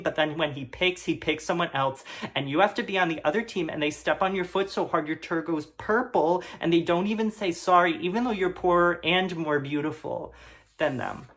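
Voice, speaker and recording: A man doing a gawky teenage boy reading his own overwrought fan fiction with flat sincerity. He trails off into mumbled, hesitant asides, then plunges back into the purple prose with solemn earnestness. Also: fairly high pitch, natural voice. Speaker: comedy performer. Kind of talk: deadpan comic reading of melodramatic prose.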